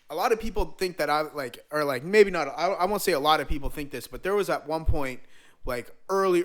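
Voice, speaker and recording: A man's voice: mid-range voice, a bit bright. A man from Canada telling a long road-trip story in a casual podcast chat, rambling and profane, heavy on slang.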